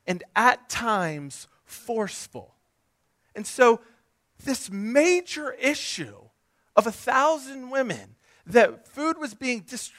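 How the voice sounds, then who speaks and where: Animated, high-voiced male preacher. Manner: animated, emphatic preaching with comic asides. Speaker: pastor. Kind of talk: sermon.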